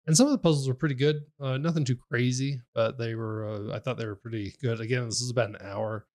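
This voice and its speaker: A man co-hosting a games podcast, retelling what he played in a rambling, animated way with frequent laughs. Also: mid-range voice, quick pace. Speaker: podcast co-host. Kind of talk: casual game review chat.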